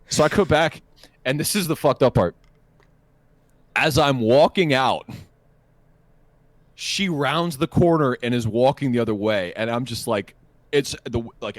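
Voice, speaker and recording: A young man tells a crude, profane story on a podcast, rambling and stammering as he goes. His pitch sits low, but his delivery swings up and down a lot. The sound is close and dry. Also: dry recording. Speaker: podcast co-host. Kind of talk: casual storytelling chat.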